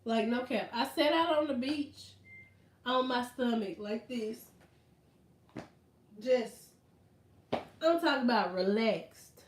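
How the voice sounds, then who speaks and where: A woman vlogger in casual chat, telling stories in an animated, slangy way. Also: on the high side, slow, long pauses, slight background noise. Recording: roomy echo.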